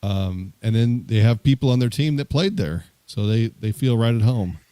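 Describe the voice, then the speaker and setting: A man co-hosting a casual sports talk stream, talking through the team in a measured way with some fillers. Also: on the low side, animated, mellow, clear, resonant tone, no room sound. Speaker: sports show co-host.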